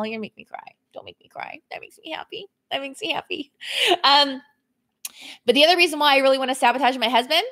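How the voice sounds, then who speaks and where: A woman's voice: mid-range voice, fairly bright tone. A woman fitness coach speaking casually on a live stream from home, talking candidly to viewers, reading their comments aloud and thanking them, laughing often with her voice swinging up and down. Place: indoors at home.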